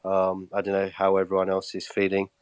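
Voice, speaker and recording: A man's voice: deep voice, monotone, brisk, smooth, no room sound. A man hosting a casual live chat, hyped and bantering as he passes the floor to guests. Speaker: host.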